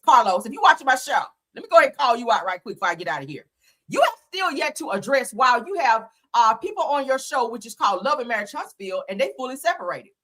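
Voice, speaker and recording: A woman's voice: high-pitched, bright, forceful tone. A woman hosting a casual gossip show, talking bluntly and profanely in a fired-up way. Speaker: host.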